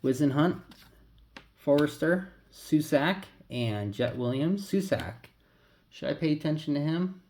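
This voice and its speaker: A man's voice: fairly high pitch, animated, a little slow, a little mellow. Casual male card-opening vlogger, mumbling names, loose and rambling. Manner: rambling, mutters names as he flips cards. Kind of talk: casual pack-opening commentary.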